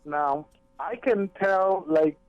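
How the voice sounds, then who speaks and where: A man's voice: high-pitched, slow, dry recording, soft background music. A man, a guest on a radio talk show, chatting casually and explaining his thoughts with hesitations and repeated words. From Zambia. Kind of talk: casual chat. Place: radio studio. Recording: dry, slightly dull radio studio sound.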